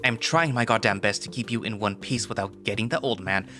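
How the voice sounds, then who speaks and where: A man voicing a huge, gruff male dinosaur fighting champion, grumbling in a low, urgent tone. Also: brisk, lightly acted. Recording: voice over loud background music.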